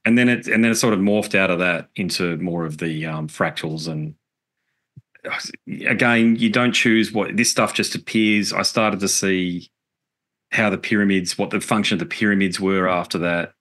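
Middle-aged man, very low voice, earnest and reflective, swears casually; interview guest. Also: moderate pace, fairly bright tone. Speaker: podcast guest, musician.

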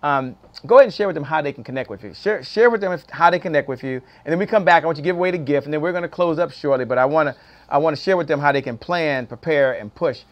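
A man's voice: a little high, racing, muffled recording. Emphatic man hosting a talk show. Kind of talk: upbeat interview hosting.

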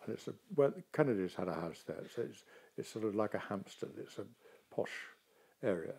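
A man's voice: on the low side, fairly quick, creaky, husky. An older man, an actor, talking in a casual interview and telling stories expressively. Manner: expressive, animated storytelling.

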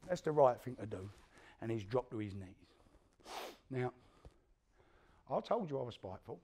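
Bloke acting as an old-school east london villain, sweary, voice jumps all over, kinda high for a guy. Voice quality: coarse, swearing street talk. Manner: animated storyteller who acts out the quotes of others. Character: East End career criminal man recounting his violent past. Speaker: actor in a one-man stage play. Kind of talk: theatrical monologue to a live audience.

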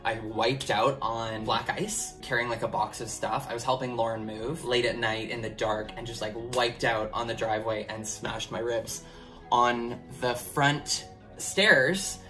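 A man's voice: medium pitch, steady tone, a little slow, bright, forceful tone, faint music behind. A young man talking casually to his camera as a vlogger, candid and rambling, with many filler words. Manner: candid and open.

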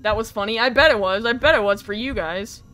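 A young woman streaming a horror game live, reacting with excitement, swearing, and thanking her viewers. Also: a little high, quick pace, a little hiss or hum. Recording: music playing faintly behind. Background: faint game music.

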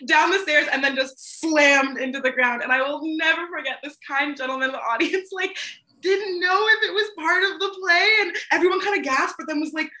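A young woman, a stage actor, telling a funny backstage story on a video call, animated and laughing often. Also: high-pitched, a little fast. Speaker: stage actor, interview guest. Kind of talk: casual anecdote on a video call. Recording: echoey room.

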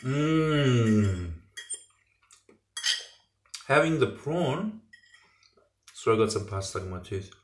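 A man's voice: medium pitch, sing-song, normal speed, long pauses. A man chatting enthusiastically to his viewers while cooking at home in his kitchen. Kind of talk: casual cooking vlog. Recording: echoey kitchen with pots and pans.

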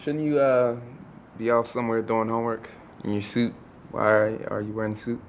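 An actor playing a fed-up young man who talks in a dry, deadpan, sarcastic way in a comedy film. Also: mid-range voice, a little fast, muffled recording, a little hiss or hum, close to an everyday voice.

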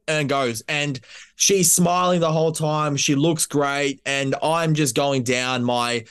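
Shooter telling a story. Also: male voice, on the high side, unhurried, smooth. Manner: relaxed storytelling, laughing asides, fillers. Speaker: Olympic shooter guest. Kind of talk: casual interview.

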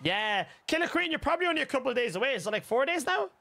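A young Irish man live-streaming a football game, chatting casually with viewers, swearing freely and shouting at goals. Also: extremely high pitch, sing-song, racing, creaky, over music. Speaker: gaming streamer.

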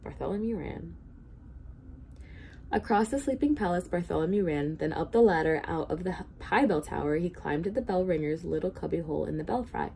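A woman volunteer reading a children's storybook aloud in an expressive, steady way. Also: fairly low pitch, brisk, vocal fry, slight background noise. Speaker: hospital volunteer reader.

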